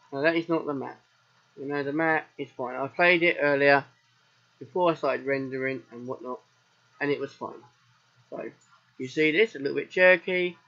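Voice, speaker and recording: A man's voice: fairly high pitch, a bit bright. A man with a southern English accent, chatting and rambling straight to viewers as he streams a farming game. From England. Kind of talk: casual let's play commentary. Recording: dull lo-fi recording.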